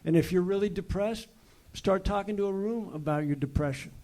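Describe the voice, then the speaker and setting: A man, a comedian, earnestly giving encouraging advice with halting restarts. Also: sits high, warm tone.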